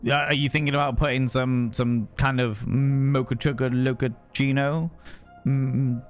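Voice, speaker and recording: With faint music behind him, a young man chats casually on stream, reading chat, wandering across topics, cursing freely and calling out viewers by name. His medium-pitched voice is flat and a little slow.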